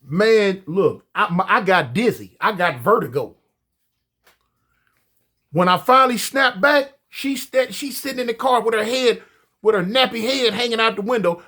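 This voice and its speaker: A man telling a story casually, animated and profane, often stammering and repeating himself. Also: high voice, normal speed.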